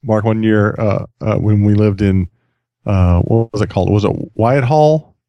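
Guy in his 30s cohosting a podcast, animated storyteller, laughs a lot, dry close mic. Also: fairly low pitch, unhurried, dry recording, lo-fi sound. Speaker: podcast co-host. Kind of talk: casual chat.

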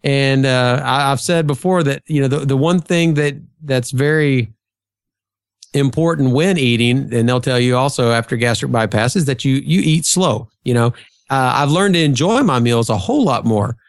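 A man's voice: medium pitch, moderate pace, no echo, studio quality. A man in casual conversation, talking at length with plenty of fillers and storytelling. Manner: chatty, storytelling, frequent fillers. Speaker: podcast guest. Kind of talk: casual chat.

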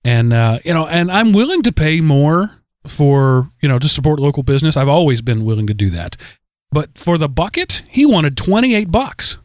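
A man's voice: a little high, very animated, normal speed, dry recording, clean studio sound. A man hosting a podcast in a casual, rambling way, with many restarts. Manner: rambling, full of restarts and fillers. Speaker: podcast host.

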